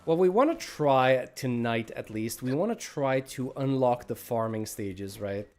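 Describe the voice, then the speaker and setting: A man's voice: mid-range voice, lively intonation, unhurried, a little mellow. A man giving casual live commentary while playing a game, rambling and self-deprecating as he thinks aloud. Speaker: gaming livestreamer.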